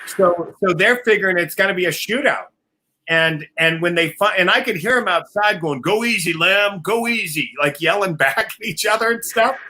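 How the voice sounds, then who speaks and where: Guy telling crazy tour stories on a live call, high bright voice, lots of laughing and swearing. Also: moderate pace. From family from Oklahoma. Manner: profane, laughing, acts out other people's voices. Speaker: guest musician telling road stories. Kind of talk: casual storytelling on a live video call.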